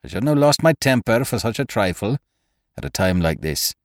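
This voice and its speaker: A man doing a gaunt snappish gentleman. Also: lowish voice, very animated, moderate pace, dry recording, studio quality, voice pushed up. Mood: contrite. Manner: curt and fierce, then contrite. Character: gaunt irritable gentleman, quick to snap.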